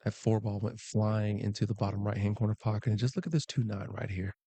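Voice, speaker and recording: A man calls a pool match live, chatty and joking with viewers between shots. His voice is mellow and warm. The sound is dry and close to the mic. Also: lowish voice, fairly even intonation, fast, slightly rough, no room sound. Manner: playful, chatty, jokey asides to chat. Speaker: pool commentator. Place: pool hall commentary booth.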